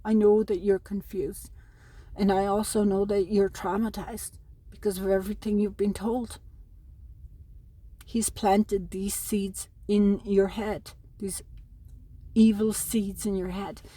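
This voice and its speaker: Speaking slowly in a dark, flat, mid-range voice, this Irish woman from Ireland makes an emotional plea to her sons directly into the camera. She is middle-aged, a mother talking about custody from her home in New Mexico, and she sounds aggrieved and pleading.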